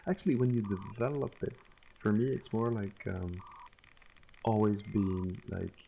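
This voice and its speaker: A game developer guest talking casually and haltingly, with plenty of restarts. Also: male voice, fairly low pitch, fairly even intonation, vocal fry, dark tone, muffled recording, slight background noise. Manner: halting, laid-back. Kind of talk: casual chat.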